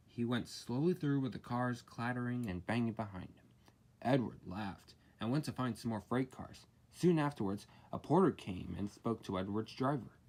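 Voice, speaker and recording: A man reading a children's railway story aloud, with expressive storybook narration. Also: mid-range voice, normal speed.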